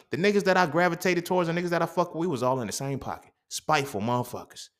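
A young man hosting a podcast, telling a personal story in a profane, animated, slangy monologue. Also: medium pitch. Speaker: podcast host.

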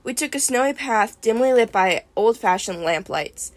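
A woman reading a first-person adventure novel aloud in a lively storytelling manner. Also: fairly high pitch, normal speed. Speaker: reader.

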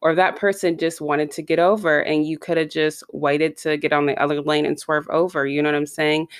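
A woman's voice: sits low, level tone, brisk, clean tone, no echo, clean studio sound. A woman giving a casual motivational talk straight to her listeners, chatty, with frequent asides. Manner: conversational, addresses listeners directly with repeated asides.

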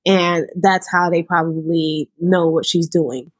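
Brief: husky woman host, lively casual recap, dry close sound. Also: on the low side, unhurried, no room sound. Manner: animated, laughing storyteller. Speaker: podcast host.

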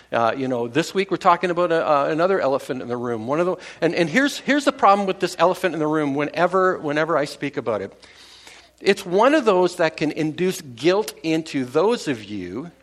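A pastor with a slightly high voice preaches a casual sermon to his congregation. He talks conversationally, full of fillers and restarts, and chuckles at his own jokes.

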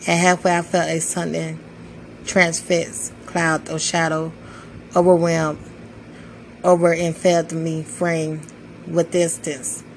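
A woman in her twenties reading her own spoken-word poetry, slow and solemn with measured pauses. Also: low-pitched, little pitch movement, a little hiss or hum, rough recording. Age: 20s. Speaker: poetry podcaster.

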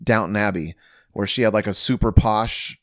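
A podcast co-host with a lowish, fairly bright voice chats casually at a normal pace. He rambles, leaning heavily on "like" and "um" and swearing casually. The recording is dry, with a clean studio sound.

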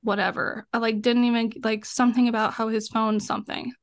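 A young adult woman with a high voice tells a story on a podcast, in lively casual chat. She swears freely and plays out both sides of the exchange herself. Her voice is recorded dry and close on the mic. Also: brisk, no echo. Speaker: podcast co-host.

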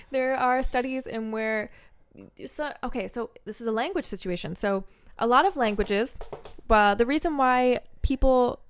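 A woman's voice: sits high, measured pace, slight background noise. A woman in casual chat who rambles through explanations, correcting herself as she goes.

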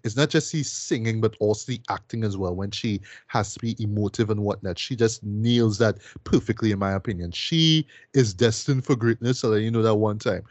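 A man's voice: on the low side, fairly quick, few pauses, a little mellow, dry recording. Rambling man reviewing a film. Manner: rambling with repeated words and fillers; peppers speech with "boy" and "right?". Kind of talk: casual podcast chat.

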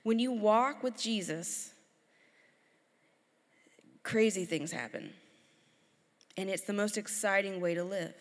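A woman in her thirties preaching a sermon, telling lively stories and acting out her children's voices. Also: mid-range voice, slow pace, pauses often. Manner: lively storytelling, acts out her kids' voices. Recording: long hall reverb.

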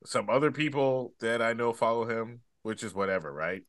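A man's voice: mid-range voice, normal speed, fairly bright tone, no room sound. A man chatting casually on a comedy podcast, easygoing and laughing often as he tells a story. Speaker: podcast guest.

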